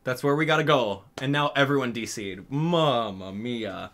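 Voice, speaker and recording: A man hosting a gaming channel, talking straight to his viewers in an exasperated, animated way during live game commentary. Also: medium pitch, brisk, slight background noise.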